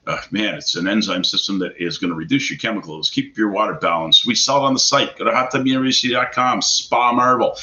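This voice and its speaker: A man's voice: on the low side, fast, hardly any pauses, bright, forceful tone, highs cut off. A middle-aged man hosting a casual question-and-answer show, blunt, profane and pushy like a salesman. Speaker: host of a hot tub advice show. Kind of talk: casual live Q&A talk.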